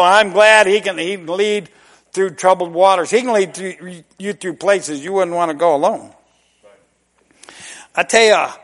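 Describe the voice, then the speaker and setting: High-pitched emphatic preacher. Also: male voice. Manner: emphatic, swings from hushed to loud with long drawn-out words; folksy and conversational, repeats "amen". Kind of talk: sermon. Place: church service.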